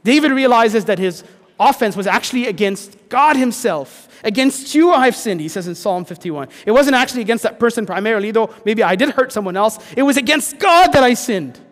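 Man, pastor, earnest sermon, high voice, hushed then emphatic, reverberant church hall. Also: animated, fairly quick.

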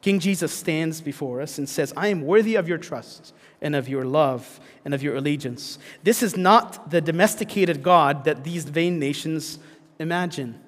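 A man's voice: on the high side, normal speed, long reverb tail. A man preaching a sermon in an earnest way, with frequent restarts and fillers. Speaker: pastor.

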